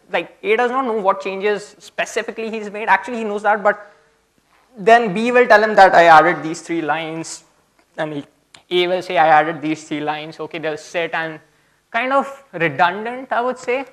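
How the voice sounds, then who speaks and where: A man's voice: high voice, a bit bright. A young man giving a casual, chatty technical talk at a conference, often checking in with "okay?". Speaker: conference speaker.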